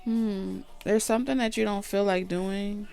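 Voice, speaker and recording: A woman's voice: medium pitch, steady tone, measured pace, creaky, mellow, clean tone, faint music behind. A woman giving a casual tarot reading, chatty, blunt and profane. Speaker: tarot reader.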